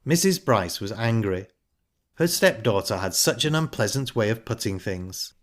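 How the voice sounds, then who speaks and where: A man reading a novel aloud as audiobook narrator in a measured, plain storytelling way. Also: lowish voice, expressive. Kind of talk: scripted narration.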